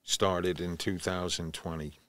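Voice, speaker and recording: Smooth-voiced older New York man. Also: sits low, measured pace, dry recording, studio quality. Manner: animated storyteller, acts out his father's lines. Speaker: podcast guest. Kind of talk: casual storytelling interview.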